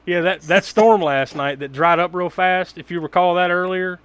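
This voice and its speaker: A man's voice: sits high, fairly even intonation, moderate pace, fairly bright tone, clear, resonant tone, no room sound. A man recapping a movie in casual chat, rambling, laughing often and swearing freely. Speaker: podcast co-host.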